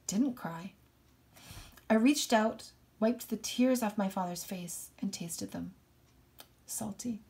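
A woman's voice: mid-range voice, vocal fry. A woman reading a novel aloud and explaining it thoughtfully between passages.

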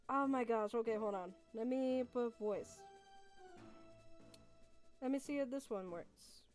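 Brief: giggly young woman gamer, high and lively, unhurried, faint music behind. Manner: giggly, excitable, chatty with viewers. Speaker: streamer. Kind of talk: casual gaming stream chat.

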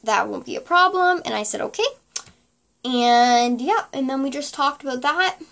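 A woman's voice: fairly high pitch, fairly bright tone. A young woman vlogging to camera, telling a personal story in casual chat, full of "like" and quoted dialogue. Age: young adult. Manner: chatty, many likes and quoted dialogue.

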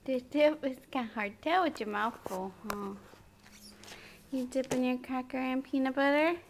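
A woman's voice: high voice, fairly even intonation, moderate pace, a little hiss or hum. A young mother at home, coaxing her toddler in repetitive baby talk, filmed on a handheld camcorder.

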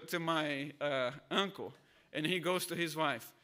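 A man's voice: fairly high pitch, unhurried, pushed and bright, slight background noise. A man from Brazil, a pastor, preaching a sermon in a conversational, storytelling way. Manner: conversational, storytelling with acted voices.

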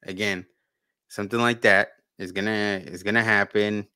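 Bright, smooth-voiced man chatting. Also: fairly low pitch, steady tone, normal speed, no echo. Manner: rambling, repeats and restarts words. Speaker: podcast co-host. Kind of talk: casual conversation.

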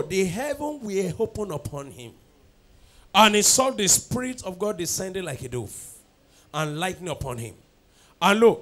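At a night prayer service in church, a pastor preaches a fervent sermon and leads chanted prayers with call and response. His voice is high with a fairly bright tone.

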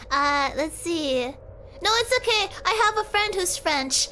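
A woman's voice: high-pitched, animated, slow pace, pushed and bright, a little hiss or hum. A young woman streaming, chatting casually and rambling, giggling often and talking to her chat.

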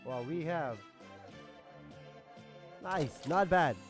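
Excitable high-voiced man swearing at a game. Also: extremely slow. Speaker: gaming YouTuber. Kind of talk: casual gameplay commentary. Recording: game music playing underneath.

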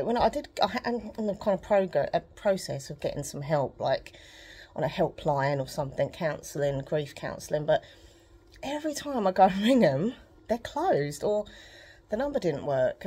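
A woman rambles openly to her viewers while she pedals an exercise bike at home. Her voice sits low and carries a husky edge. She talks in loose, emotional runs and laughs often. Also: warm tone. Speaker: vlogger. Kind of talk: rambling personal chat to camera.

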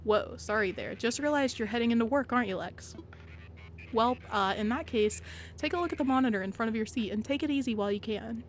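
A woman reading out a laid-back male bird pilot in a relaxed, drawling way, over faint game music. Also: a little high, brisk, slight background noise, natural voice. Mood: easygoing.

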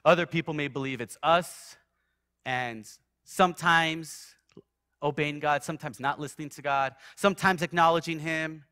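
A man giving a sermon built on his own testimony in a church, telling it vividly, surging loud and then dropping soft. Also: on the high side, fairly even intonation, moderate pace, clear, resonant tone, dry recording. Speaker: guest preacher. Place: church sanctuary.

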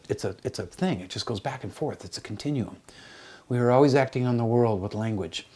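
Husky middle-aged man telling class stories. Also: mid-range voice. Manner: lively and joking, with hammy voiced asides. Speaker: college teacher. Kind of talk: storytelling lecture.

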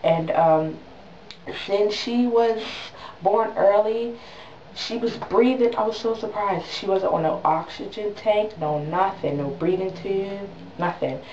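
A young woman in her twenties telling a story in a casual vlog, animated and dramatic, with quick voiced asides. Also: medium pitch, slight background noise. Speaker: new mother vlogger. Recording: distant mic in an echoey room, dull sound.

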